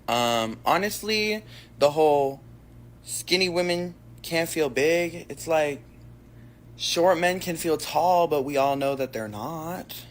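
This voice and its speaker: A man's voice: fairly high pitch, slow, a little hiss or hum. A man giving a sassy, slangy monologue to camera, brash and full of profanity. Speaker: social media commentator.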